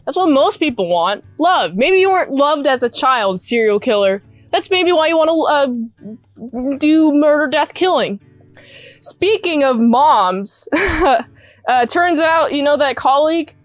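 Woman, high voice, slow rambling movie recap, sarcastic asides, dry close sound. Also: lively intonation, no room sound, faint music behind. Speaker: movie reviewer. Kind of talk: casual spoken movie recap.

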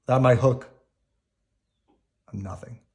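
A man's voice: mid-range voice, a little slow, close to an everyday voice. A man doing a sulky demigod. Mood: bitter. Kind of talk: storybook read-aloud.

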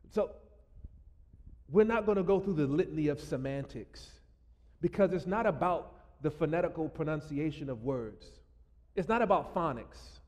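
In a church sanctuary, a pastor with a medium-pitched voice preaches a sermon in a large hall. He's playful and jokey with the congregation, breaking into bursts of loud, laughing asides.

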